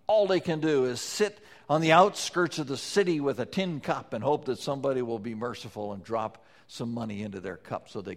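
A man preaching a sermon, swinging between loud pleading passages and soft, low-spoken lines. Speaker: pastor.

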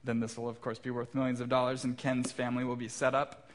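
A man's voice: mid-range voice, monotone, fast talker. A man in his thirties, a pastor preaching a sermon in a church, telling stories about his young kids with light self-deprecating humor. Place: church sanctuary.

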